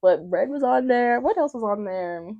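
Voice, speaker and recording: A young woman from Atlanta, a podcast guest telling a family story in a lively way and acting out the voices of her relatives. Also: a little high, moderate pace, narrow, tinny audio. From Atlanta, Georgia. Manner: animated, acts out family members' voices. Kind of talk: casual storytelling.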